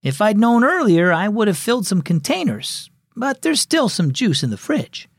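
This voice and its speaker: A man reads a patient mother in a children's story, gently explaining with a lively, rising and falling delivery. The recording is dry and close. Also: high-pitched, normal speed, dry recording, pitched above the performer's own voice, exaggerated voice. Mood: gently teaching. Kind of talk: storybook reading.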